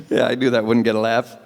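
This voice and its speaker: A man's voice: medium pitch, creaky. A man doing a chatty, self-mocking stand-up comedy set at an evening event. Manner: animated, chatty, self-mocking, acts out bits. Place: event hall with live audience. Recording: long hall reverb.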